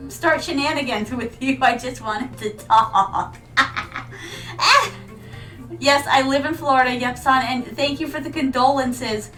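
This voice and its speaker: Playful high-voiced American woman streamer. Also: fairly even intonation, unhurried, a bit bright, far from the mic, low-quality recording. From United States. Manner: playful, rambling, chatty with viewers. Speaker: VTuber streamer. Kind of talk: casual game stream chat. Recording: mic set back, music behind.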